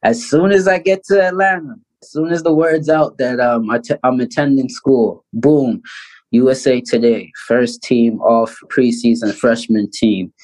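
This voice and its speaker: On a roughly recorded podcast, a thirties Canadian pro basketball player tells his story in a casual interview. His mid-pitched delivery is quick and lively, peppered with "like" and "you know," and he laughs a lot while acting out quotes.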